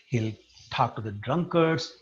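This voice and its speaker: A man's voice: medium pitch, measured pace. A man giving a devotional lecture, retelling a sacred story and putting questions to his listeners. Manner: animated storyteller who poses questions to the listeners. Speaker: religious teacher. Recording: dull lo-fi recording.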